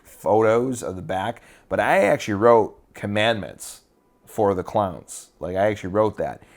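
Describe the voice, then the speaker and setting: A man with a fairly low voice, co-hosting a casual podcast. He rambles through his stories with plenty of "um"s and restarts. He swears freely and keeps a loose, offhand tone. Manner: rambling, with frequent fillers and restarts. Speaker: podcast co-host.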